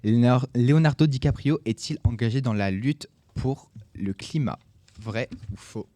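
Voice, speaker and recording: A man's voice: mid-range voice, normal speed, warm tone. French teen boy hosting a radio quiz. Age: teens. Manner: reads questions and answers, corrects slips. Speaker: student radio host. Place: school library studio.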